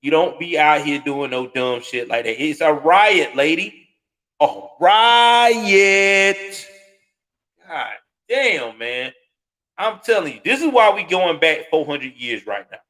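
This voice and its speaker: High-voiced man ranting with scorn. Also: expressive, a little slow. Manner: profane, ranting, scornful, with sudden loud outbursts. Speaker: commentary show host. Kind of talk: heated live reaction commentary.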